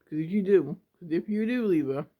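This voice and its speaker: A man's voice: high voice, animated, brisk, dark tone. A young man talking straight to his camera in an emotional, rambling confessional, stumbling and repeating himself, close to tears. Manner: rambling and repetitive, stumbling over words. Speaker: vlogger. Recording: dull lo-fi home video.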